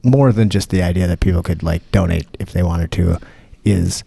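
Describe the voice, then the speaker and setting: A man's voice: deep voice, normal speed, vocal fry, dark tone, husky, no echo. A man hosting a podcast in casual chat. He rambles, swears freely and restarts his sentences. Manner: rambling, profane, many restarts. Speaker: podcast host.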